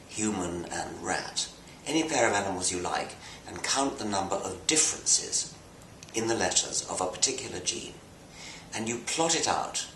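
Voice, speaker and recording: An older man with a British accent explaining science in a measured, precise way, sometimes restarting his phrases. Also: low-pitched, fairly bright tone. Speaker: interviewee. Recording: echoey room, voice from the mic, faint noise.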